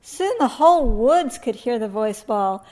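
A woman reading a rhyming children's story aloud in a gentle, sing-song way. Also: on the high side, expressive, measured pace. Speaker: storybook reader.

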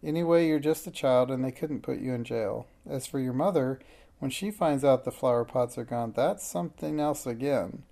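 A reader voicing a kindly, busy grandmother in a storybook read aloud, with a gravelly, mellow voice. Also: mid-range voice, moderate pace, natural voice. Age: older. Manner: warm, reassuring, slightly fussy. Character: kindly busy old grandmother baking a cake.

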